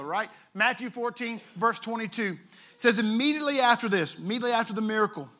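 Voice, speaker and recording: Bright-voiced, high-pitched male pastor preaching. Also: fast talker. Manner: conversational, retells scripture with playful asides. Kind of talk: sermon.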